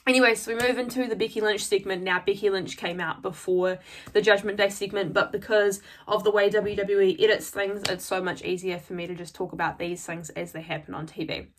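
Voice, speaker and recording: A woman's voice: mid-range voice, fairly even intonation, a little fast. A woman talking casually in a vlog, recapping a wrestling episode in a chatty, gushing way and often repeating her words. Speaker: wrestling show reviewer.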